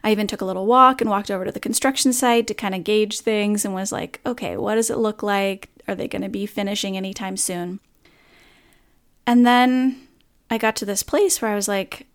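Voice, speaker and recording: A woman hosting her own podcast gives a reflective monologue, speaking candidly and earnestly about a hard morning. Her voice is medium-pitched and steady, and she talks a little fast.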